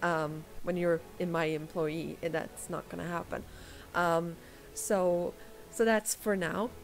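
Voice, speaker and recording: Woman playing a quest-giver, rpg figure, halting, giggly, lowish voice, unhurried. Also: fairly even intonation, vocal fry, faint music behind. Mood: cheerful. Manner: hesitant, full of ums, giggly. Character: cheerful young woman employer hiring adventurers.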